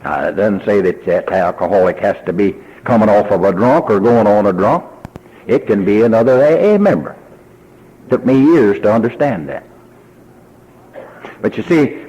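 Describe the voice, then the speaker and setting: A man's voice: on the low side, animated, moderate pace, long pauses, dark tone, slightly rough, muffled recording. An older man with a Texan accent giving a personal testimony at a recovery convention, telling his story in a folksy way and acting out remembered dialogue. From Texas.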